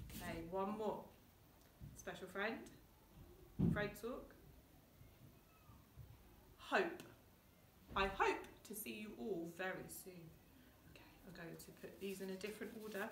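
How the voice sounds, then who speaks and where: A female primary school teacher, leading a phonics lesson for young children in a clear, sing-song voice. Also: mid-range voice, background noise. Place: home, indoors. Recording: echoey room, mic at a distance.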